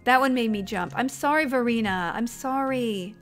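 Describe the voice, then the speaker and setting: Excitable woman game streamer, slightly high voice, casual chat over low music. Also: normal speed. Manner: excitable, easily startled, apologetic.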